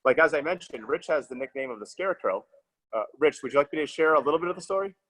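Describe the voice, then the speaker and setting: A man's voice: on the high side, lively intonation, quick pace, a bit bright, rough recording. A man hosting a podcast interview, chatting casually and rambling with frequent restarts. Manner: rambling, restarts phrases, many fillers. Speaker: podcast host.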